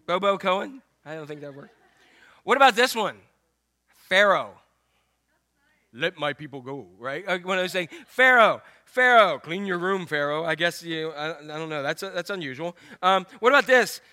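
A man's voice: high-pitched, lively intonation, moderate pace, bright, forceful tone. An older man preaching a sermon, joking and putting questions straight to his congregation. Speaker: pastor.

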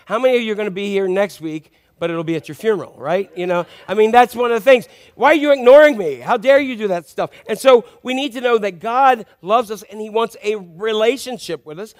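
A man with a high-pitched voice gives a sermon. He keeps it conversational and checks in with his listeners through frequent questions. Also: a little fast, few pauses. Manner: conversational, asks the congregation questions. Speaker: pastor.

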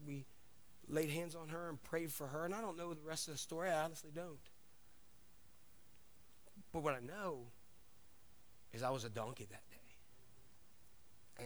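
A middle-aged pastor preaches with a high, bright voice. He tells stories in an animated way and drops casual asides to the congregation. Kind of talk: sermon.

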